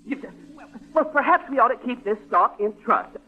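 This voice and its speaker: An actor playing a fussy, disapproving company stockholder in a 1940s radio sitcom. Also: male voice, very high voice, lively intonation, moderate pace. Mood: prim. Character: stuffy, prim company stockholder. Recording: tinny old radio broadcast.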